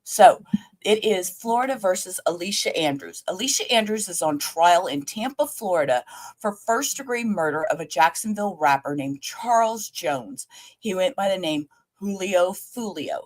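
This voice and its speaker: A woman's voice: on the low side, animated, moderate pace. A woman hosting a late-night livestream, rambling and chatting straight to her viewers as she reviews a trial, swearing casually.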